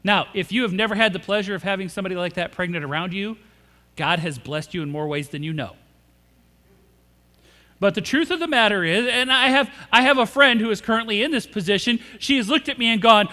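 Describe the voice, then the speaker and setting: A male pastor with a very high, bright voice preaches a humorous storytelling sermon and asks his congregation questions. His voice rings out with a long reverb through the church sanctuary. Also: brisk. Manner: humorous storytelling, acts out quoted characters.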